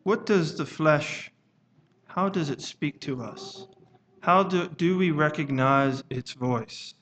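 A man preaching a sermon at a church service, speaking in a measured, halting way and reading scripture aloud in old-fashioned wording. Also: a little high, a bit bright, a little hiss or hum.

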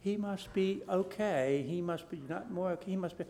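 A man preaching a sermon, reading scripture aloud and swinging between soft, low asides and loud, emphatic repeated declarations. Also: moderate pace, slight background noise. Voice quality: King James scripture read aloud in a rising, forceful cadence.

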